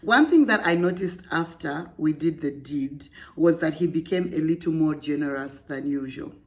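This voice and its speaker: A young podcast host with a low voice reads a listener's story aloud at a moderate pace. Now and then she breaks off to tease and laugh playfully.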